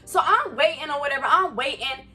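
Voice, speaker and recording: A young woman tells a heated storytime to the camera, her voice sitting high and bright. She talks in animated, profane slang, getting fired up as she goes, with faint music behind her. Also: a little fast. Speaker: vlogger. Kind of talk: casual storytime. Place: Florida.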